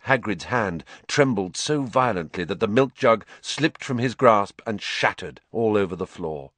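A man narrating a storybook as an audiobook, with an expressive, dramatic reading. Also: low voice, moderate pace, hardly any pauses, no echo.

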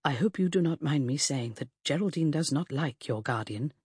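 A woman voicing a courteous, melancholy man, a former army officer, in a formal and gentle way. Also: a little high, animated, normal speed, husky, no echo, studio quality.

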